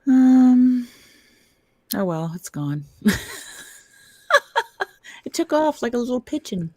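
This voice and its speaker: A woman's voice: a little high, sing-song, slow pace, warm tone, dry recording. A woman with a Canadian accent co-hosting a casual livestream, easygoing and agreeable. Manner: easygoing, agreeable, short replies. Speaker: co-host.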